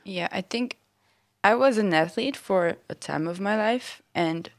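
A woman's voice: mid-range voice, measured pace, no echo, clean studio sound. A woman, a guest and former athlete, speaking thoughtfully and searching for her words. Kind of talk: casual chat.

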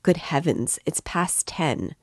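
A woman's voice: low-pitched, animated, slow, no echo, exaggerated voice. Composed, firm young daughter read by a woman, reassuring, dry close sound. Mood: urging.

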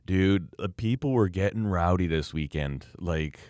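A man's voice: low-pitched, measured pace, no room sound, studio quality. A middle-aged man from Alberta co-hosting a casual chat, rambling through stories and sometimes jumping into people's voices. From Alberta, Canada. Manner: rambling storyteller, animated when quoting people.

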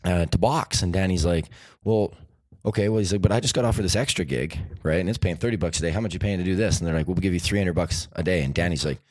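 A man on a podcast telling animated stories and acting out the voices of the people in them. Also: low-pitched, fast, no room sound. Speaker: documentary filmmaker guest. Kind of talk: podcast interview storytelling.

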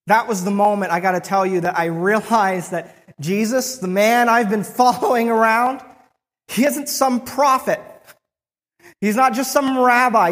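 A preacher retelling a Bible story in the first person, with frequent restarts and pauses. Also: medium pitch, a bit bright, big-room sound.

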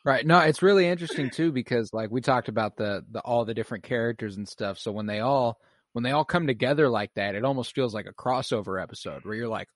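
A man's voice: mid-range voice, fast, no room sound. A man in casual chat about a TV show, laid-back and opinionated, swearing freely.

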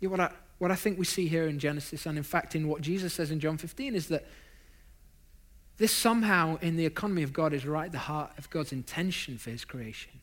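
A man's voice: a little high, a little fast, a bit bright. A man preaching a sermon, stacking up emphatic lists of phrases and dropping in self-deprecating asides.

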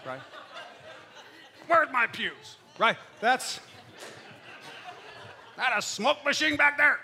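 A middle-aged man preaching a sermon in a church, swinging between loud, fervent declarations and quiet, intimate asides. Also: very high-pitched, expressive, slow, slight background noise.

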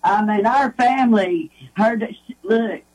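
Husky folksy woman. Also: medium pitch, takes it slowly, a little mellow, rough recording. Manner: rambling, folksy, lots of restarts. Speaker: guest. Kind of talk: casual storytelling.

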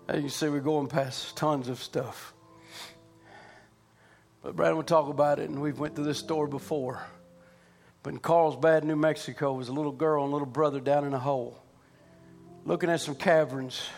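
A man preaching a sermon, dropping low and hushed and then climbing into loud, shouted preaching cadences. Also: steady tone, normal speed, vocal fry, faint music behind.

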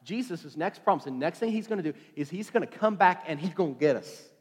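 A man giving a relaxed, joking sermon, full of fillers and restarts. His voice sits a bit high for a man and echoes with a long hall reverb. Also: a little fast, slightly rough. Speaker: preacher. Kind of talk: casual evening sermon.

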